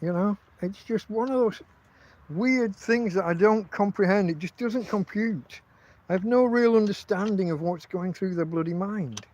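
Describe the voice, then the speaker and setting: A man's voice: high voice, normal speed, darkish tone, lo-fi sound. An English man hosting a casual livestream from his tent, telling rambling, profane stories full of restarts. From England. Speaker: podcast host.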